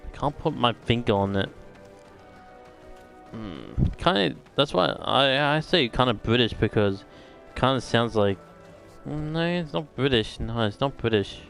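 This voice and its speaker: A man's voice: mid-range voice, lively intonation, unhurried, vocal fry, fairly bright tone, faint music behind. A man streaming a game, thinking aloud in rambling casual commentary.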